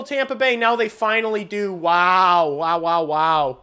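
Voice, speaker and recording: A man streaming a hockey game and calling the play-by-play, excitable and swearing casually, shouting on big plays. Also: high voice, measured pace, few pauses, clear, resonant tone. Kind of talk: live watch-along hockey commentary.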